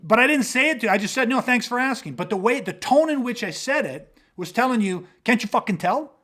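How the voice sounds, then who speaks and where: Male podcast host with a high-pitched voice, emphatic and profane, acts out dialogue. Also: animated, fast, pushed and bright. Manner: emphatic, swearing, acts out quoted exchanges. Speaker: self-defense podcast host. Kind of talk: casual podcast talk. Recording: podcast mic.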